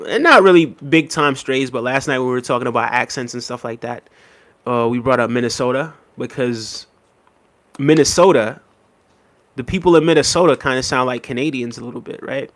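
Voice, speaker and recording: A man hosting a spiritual live stream, casually chatting and reading viewer comments aloud, with a relaxed, easygoing delivery and frequent "right?" check-ins. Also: mid-range voice, fairly quick. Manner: relaxed, conversational, laughs often, frequent "right?" and "big up". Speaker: livestream host reading chat.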